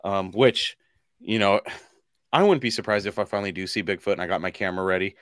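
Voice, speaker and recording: A man's voice: low-pitched, quick pace, smooth, no echo, studio quality. A man from Washington state co-hosting a podcast, chatting casually and laughing often as he tells stories. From Washington state, USA. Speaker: podcast co-host.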